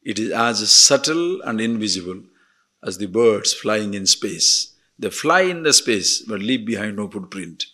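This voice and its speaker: An older man giving a spiritual discourse, animated, moving between emphatic declarations and soft murmured asides. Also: lowish voice, measured pace. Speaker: spiritual teacher.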